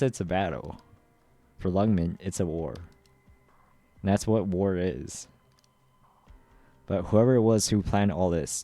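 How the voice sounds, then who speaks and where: A man reads a game's story dialogue aloud on stream, covering every part. His voice is deep and mellow, and his delivery is steady and even. Quiet music plays underneath. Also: no echo. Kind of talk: dramatic readthrough of game dialogue.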